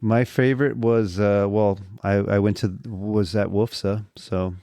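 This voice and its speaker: A man's voice: on the low side, fairly even intonation, unhurried, mellow, dry recording, studio quality. A man co-hosting a podcast, chatting in an upbeat, teasing way. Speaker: podcast co-host. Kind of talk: casual chat.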